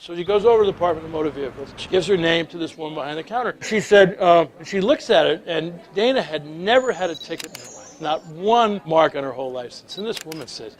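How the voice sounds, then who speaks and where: Man, middle-aged, slightly high voice, lively storytelling lecturer. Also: quick pace, hardly any pauses. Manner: animated anecdotes, swings from loud to hushed. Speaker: speaker on leadership.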